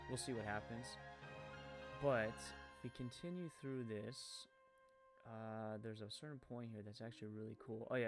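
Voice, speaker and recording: A man with a mid-range voice and a French-Canadian accent gives rambling live-stream commentary. He fills it with fillers and corrects himself when he stumbles.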